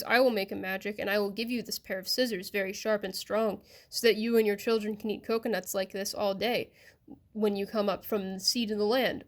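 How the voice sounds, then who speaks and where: A woman voicing a kind little girl in a storybook reading, explaining her gifts gently. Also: medium pitch, natural voice.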